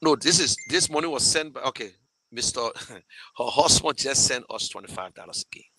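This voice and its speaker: Against a noisy background, a man with a Liberian English accent hosts a show, casually addressing viewers live to fundraise for a campaign. His mid-range voice is expressive and moderately paced, and he rambles emotionally, restarting often as he thanks supporters.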